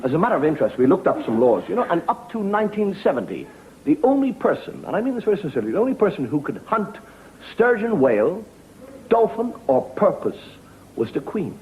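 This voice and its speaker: Wry male comedian, lively voice. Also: sits high, quick pace. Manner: wry, deadpan storytelling. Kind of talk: stand-up monologue. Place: TV studio. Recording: dull lo-fi TV recording with faint hiss.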